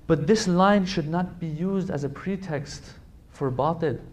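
A man delivering a religious lecture in a somewhat high voice. He speaks emphatically, repeating phrases to drive points home and turning to plead directly with his audience. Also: measured pace, a little mellow, highs cut off.

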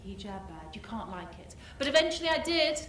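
A woman giving a speech to an audience, animated and full of rhetorical questions, mimicking the people in her stories. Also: mid-range voice, fairly quick, recorded from a distance, slight background noise. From United Kingdom. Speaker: speaker giving a talk.

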